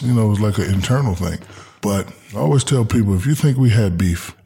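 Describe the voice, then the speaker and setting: A man's voice: fairly low pitch, mellow, husky. A retired athlete in his forties, a guest, telling stories in casual chat and mimicking people with joking boasts. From Newark, New Jersey, USA. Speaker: retired basketball player, podcast guest.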